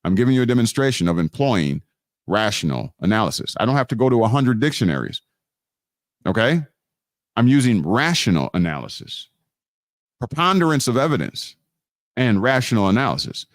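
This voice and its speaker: A man's voice: mid-range voice, sing-song, a little fast, long pauses, no echo, clean studio sound. A man hosting a live online teaching, preaching about law and scripture with emphatic repetition and frequent restarts. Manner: preachy, emphatic, repeats key phrases. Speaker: host of a live teaching stream.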